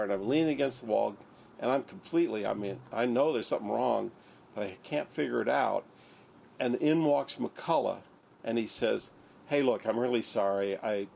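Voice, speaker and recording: A man's voice: mid-range voice, creaky, a little mellow, slight background noise. An older man, a surgeon, recounting his story in an interview, acting out the lines of others. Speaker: interviewee, neurosurgeon.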